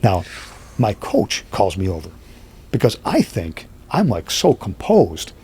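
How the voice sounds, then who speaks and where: A man with a low, husky voice tells stories as a podcast guest. He talks in a lively way and slips into the voices of the people in his stories. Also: unhurried. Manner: lively, acts out quoted speech. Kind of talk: animated storytelling.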